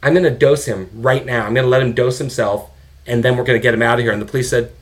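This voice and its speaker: A middle-aged man, a father, telling a candid story in a conversation, animated, now and then swearing and acting out the people he quotes. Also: mid-range voice, fast. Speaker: guest, father of an addicted son.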